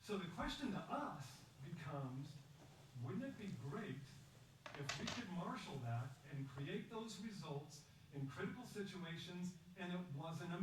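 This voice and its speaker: A man giving a prepared public talk, measured and emphatic, telling a story and asking rhetorical questions. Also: high voice. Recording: echoey distant recording with faint background noise.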